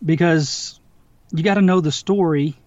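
A man's voice: on the high side, a little slow, no room sound, highs cut off. Man narrator in a dead home studio. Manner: relaxed, chatty, restarts often. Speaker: audiobook narrator. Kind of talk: casual interview chat.

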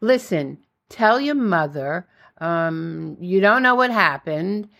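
A woman's voice: on the low side, animated, slow, vocal fry, a bit bright, full character voice. A woman voicing a brash, scheming teenage girlfriend who is pushy and upbeat and swears freely. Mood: apologetic.

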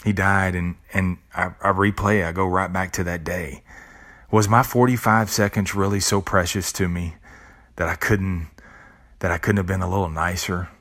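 Deep voiced guy doing a reflective podcast talk, earnest, swears casually, repeats himself. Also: fairly even intonation, normal speed, a bit bright. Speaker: podcast host. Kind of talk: reflective spoken monologue.

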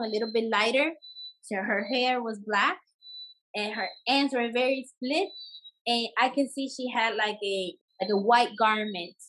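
A woman's voice: on the high side, low-quality recording. Woman telling her story. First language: Spanish. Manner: switches into Spanish words, frequent restarts, laughs while telling. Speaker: bomba dancer, interview guest. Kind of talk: casual personal storytelling.

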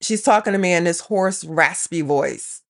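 A woman's voice: lowish voice, moderate pace, creaky. A middle-aged woman telling a rambling everyday story in a casual vlog, often quoting herself. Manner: chatty, rambling, quotes herself and her daughter. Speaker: vlogger.

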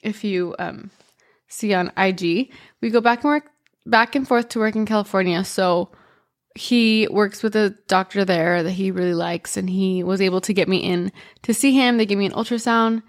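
A woman hosting her own podcast, telling a personal story casually with lots of "like" and "um". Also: medium pitch. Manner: chatty, full of "like" and "um" fillers, quick bursts and slow pauses. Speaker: podcast host.

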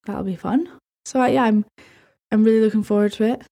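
A Scottish woman hosting a podcast, chatting in a bubbly, rambling, excitable way. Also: fairly high pitch, a little fast, pauses often, soft background music. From Scotland. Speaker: podcast host. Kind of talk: casual chat.

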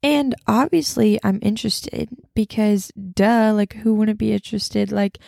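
A young woman gives a casual Christian testimony, chatting about faith and sharing a personal story with plenty of fillers and asides; she calls herself loud. Her mid-range voice is steady, unhurried, and touched with vocal fry. The recording is dry with clean studio sound.

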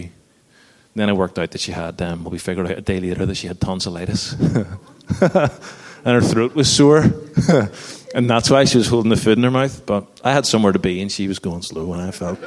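A man's voice: on the low side, lively intonation, moderate pace, darkish tone. A man in his thirties preaching a sermon in an earnest, conversational way, with self-deprecating stories. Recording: long hall reverb.

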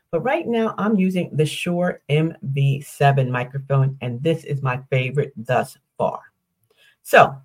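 An older woman hosting her own podcast, explaining things step by step in an upbeat way, posing questions and walking through lists. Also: sits low. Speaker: podcast host. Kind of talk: solo podcast teaching.

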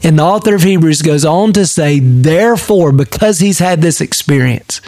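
A man's slightly higher voice sets the tone of a pastor's daily devotional. He reads and teaches with earnest emphasis, and the sound is dry with no room ring around it. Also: a little mellow, no room sound.

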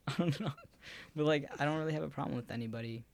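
A man's voice: a little high, a little fast, gravelly. A young man in casual podcast conversation, talking in a loose, rambling way full of fillers. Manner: relaxed, rambling, heavy on filler words.

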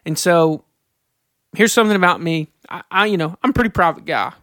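A high-pitched man talks earnestly on a faith podcast, sharing candid stories and slowing down to read scripture aloud. The sound is close and dry, with no room around it. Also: animated, sharp tone, dry recording. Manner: earnest, reads scripture slowly, confessional storytelling. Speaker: podcast co-host.

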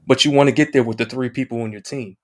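An excitable man in a casual chat, telling a gaming story with energy and acting out other people's voices. His pitch sits in the middle range for a man. He swears mildly as he talks. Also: quick pace. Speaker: guest, video game streamer. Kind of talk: casual anecdote on a podcast.

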